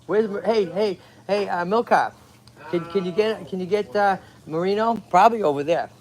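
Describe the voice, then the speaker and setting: Energetic male rescue host, Massachusetts accent, fairly high-pitched, chatty outdoor livestream delivery with constant check-ins. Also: normal speed. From Lowell, Massachusetts. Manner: energetic, chatty, keeps checking in with "okay?" and "right?". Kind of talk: livestream chat. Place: outdoors at a tortoise pond.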